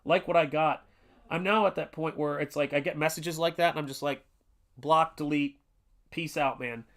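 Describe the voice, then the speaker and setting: A man's voice: on the high side, fairly even intonation, a little fast, a bit bright. A man in his forties hosting a casual art livestream, talking earnestly and rambling with many restarts and fillers. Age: 40s. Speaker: artist livestream host.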